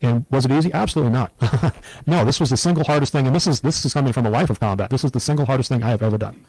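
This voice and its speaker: A middle-aged man as an interview guest, telling a personal story in an earnest, reflective, steady way. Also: mid-range voice, racing, breathy edge, no echo, rough recording.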